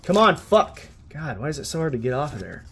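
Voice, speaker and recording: A man's voice: fairly high pitch, very animated, brisk, a bit bright, breathy edge. A young man hosting a card-opening video, giving swearing, wisecracking commentary as he flips through pack after pack with growing frustration. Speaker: pack-opening channel host.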